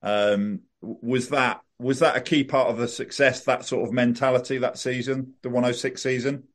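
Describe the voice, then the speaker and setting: A podcast host asking a guest questions in a polite, slightly halting way. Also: male voice, medium pitch, steady tone. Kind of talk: casual interview.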